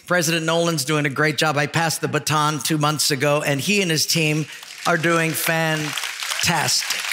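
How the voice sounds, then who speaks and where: A middle-aged male pastor preaching a folksy, animated sermon, telling funny stories and acting out their voices. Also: fairly high pitch, a little hiss or hum. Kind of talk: sermon with storytelling. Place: church hall. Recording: long reverb of a large hall, music faint behind.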